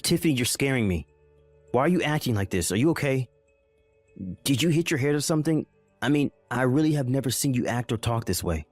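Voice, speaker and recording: A man's voice: medium pitch, lively intonation, brisk, no room sound, close to an everyday voice. A bewildered young husband pleads for answers, his voice swinging widely up and down, as a man acts him out. The sound is dry and close, with faint music behind. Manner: confused, pleading, rising alarm. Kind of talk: dramatized story narration.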